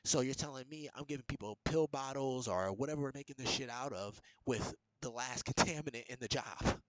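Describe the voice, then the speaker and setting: A man's voice: medium pitch, brisk, no echo. A man casually recounting an argument with his boss, rambling and restarting as he quotes both sides. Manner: rambling, restarts often, quotes others in lively retelling. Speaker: storyteller recounting a work dispute. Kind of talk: casual chat.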